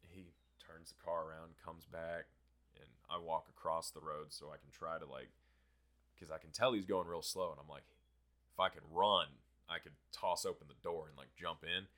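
On his podcast, a young male host tells a story in a low, deep voice with a bright, forceful edge. He talks casually at a moderate pace, swears freely, and keeps things moving with an animated delivery.

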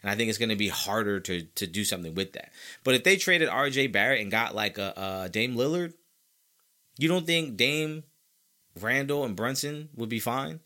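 Emphatic man with a bright, forceful voice. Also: medium pitch, moderate pace. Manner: emphatic, animated and opinionated, with frequent repetition. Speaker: podcast host. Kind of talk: casual sports opinion monologue.

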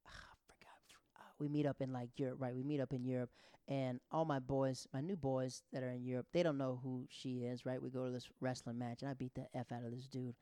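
A man in his thirties performs stand-up with a medium-pitched, clean voice at a fairly quick clip, and there's no echo. He tells animated, meandering stories that keep cutting themselves off.

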